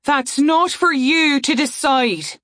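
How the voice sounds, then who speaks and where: A woman's voice: high-pitched, lively intonation, moderate pace, sharp tone, dry recording, studio quality, pitched above the performer's own voice. A woman voicing a stern half-elf mage who gives firm, commanding orders.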